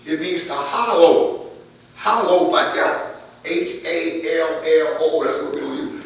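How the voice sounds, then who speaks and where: A man preaching a sermon as pastor, his voice swelling louder as he drives points home. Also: fairly high pitch, lively intonation, moderate pace, gravelly. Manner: preaching with rising volume and calls of amen. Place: church sanctuary. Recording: distant mic in an echoey church hall.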